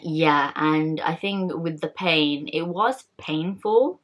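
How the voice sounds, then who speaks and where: Woman, low pitch, young adult, casual rambling chat, candid, fillers and restarts. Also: slow. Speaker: vlogger.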